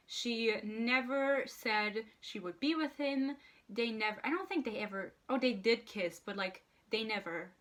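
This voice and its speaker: A woman's voice: fairly high pitch, a bit bright. A young woman ranting heatedly about a book at home, swearing often and sounding fed up. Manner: heated, profane, exasperated ranting. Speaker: book reviewer. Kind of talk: casual ranting book review. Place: home room with a PC.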